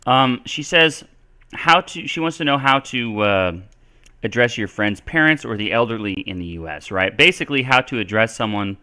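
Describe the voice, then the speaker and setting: A man's voice: medium pitch, lively intonation, moderate pace, pushed and bright, smooth. A man answering English questions on a live stream, casual and thinking aloud with lots of fillers. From Texas. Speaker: English teacher.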